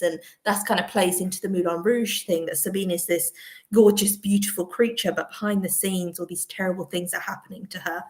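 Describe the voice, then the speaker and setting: A woman's voice: on the low side, steady tone, brisk, a little mellow. A woman hosting a casual live chat from home, rambling between topics and laughing often. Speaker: vlogger host. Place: at home, indoors.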